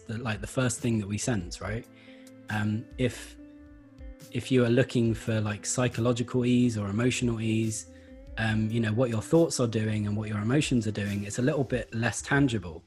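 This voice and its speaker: Thoughtful low-voiced man, many fillers. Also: fairly even intonation, normal speed, a little mellow, faint music behind. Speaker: Feldenkrais practitioner. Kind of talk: conversational interview.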